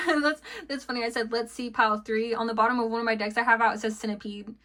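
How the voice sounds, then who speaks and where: A woman's voice: on the high side, steady tone, fast talker, a bit bright. A woman giving a casual tarot reading, chatty and giggly, full of fillers and friendly asides. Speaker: tarot card reader.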